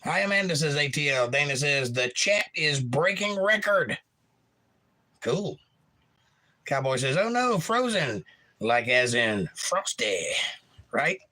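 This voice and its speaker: Guy hosting a live stream, reads chat out loud, dry jokes, kinda high bright voice. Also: big pitch swings, takes it slowly, pauses often. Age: young adult. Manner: reads chat messages aloud with wry asides. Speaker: livestream host reading chat. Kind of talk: casual chat.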